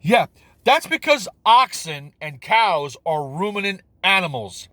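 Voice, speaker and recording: A man's voice: very animated, a little slow, pushed and bright, no echo. Stammering, exasperated man ranting. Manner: rambling, repeats himself, stumbles over words; incredulous, pitch jumps when exasperated. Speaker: video commentator. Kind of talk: ranting film critique.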